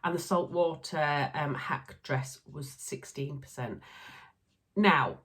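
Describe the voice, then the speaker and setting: A woman's voice: deep voice, takes it slowly, fairly bright tone. Chatty Yorkshire woman vlogging. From Yorkshire, England. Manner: chatty, laughs often, lots of ums. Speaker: sewing vlogger. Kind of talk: casual chat to camera.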